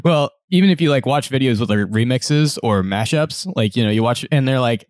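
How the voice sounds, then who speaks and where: A man's voice: mid-range voice, expressive, a little fast, few pauses. A man who teaches music leans into the conversation with questions, thinking aloud as he goes. His voice sits in the middle range. The sound is close and dry, with no room echo. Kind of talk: casual group discussion.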